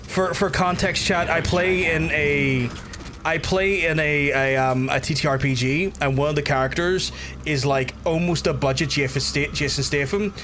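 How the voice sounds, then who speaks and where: A man talking over his gameplay stream in a rambling, sweary way, tossing chatty asides to his viewers. His mic sits close to his mouth, and steady noise runs under the audio. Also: a little high, moderate pace. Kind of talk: casual gameplay livestream commentary.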